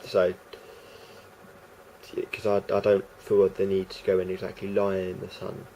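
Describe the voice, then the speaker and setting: A man's voice: low-pitched, monotone, measured pace, warm tone, a little hiss or hum. A man rambling through a casual vlog monologue, hesitant and full of restarts and fillers. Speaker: vlogger.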